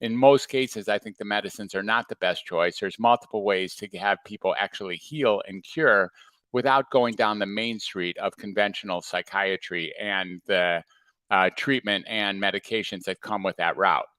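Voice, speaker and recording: A man coaching viewers in a livestream talk, calm and reflective, asking many rhetorical questions. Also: lowish voice, moderate pace, no echo. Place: home or office, livestream.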